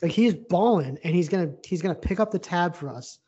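A man co-hosting a casual sports podcast, animated and blunt, laughing often as he talks. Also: high-pitched, quick pace, husky. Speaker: podcast co-host. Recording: dull lo-fi sound.

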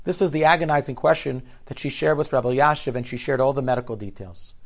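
A man telling a story in a sermon, earnest and dramatic, often dropping to a hushed voice before building to forceful emphasis. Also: medium pitch, fast.

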